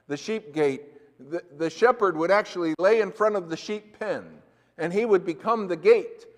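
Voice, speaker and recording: A man's voice: sits high, moderate pace. A man preaching a sermon as a pastor, talking conversationally and asking the congregation questions. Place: church. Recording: echoey church hall.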